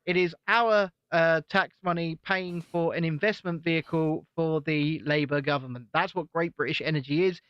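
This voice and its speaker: Blunt, swearing male co-host, high and sharp-toned, dry close sound. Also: steady tone, moderate pace, few pauses, smooth, dry recording, lo-fi sound. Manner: blunt, opinionated, swears freely. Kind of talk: irreverent casual chat.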